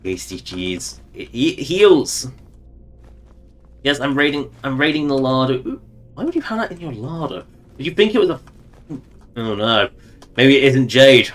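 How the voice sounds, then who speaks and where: A man's voice: mid-range voice, very animated, a little slow, pauses often, fairly bright tone, faint music behind. A man streaming a video game, rambling and joking to himself in casual commentary.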